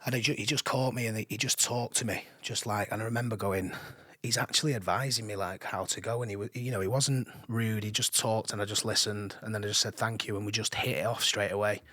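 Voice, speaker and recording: A man, a podcast guest telling animated stories with frequent laughs. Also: on the low side, fast, no echo, studio quality. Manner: animated storytelling, laughs often. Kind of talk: casual chat. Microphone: studio mic.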